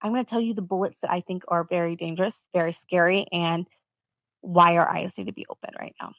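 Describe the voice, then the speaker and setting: A woman's voice: fairly low pitch, steady tone, brisk, a bit bright, no room sound. A woman hosting her own podcast, talking earnestly and emphatically in a rambling solo monologue with lots of fillers. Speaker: podcast host.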